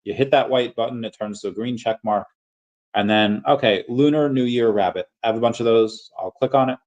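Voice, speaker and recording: A man's voice: medium pitch, brisk, darkish tone, muffled recording. A man hosting a casual livestream, answering chat questions in a rambling, self-correcting way.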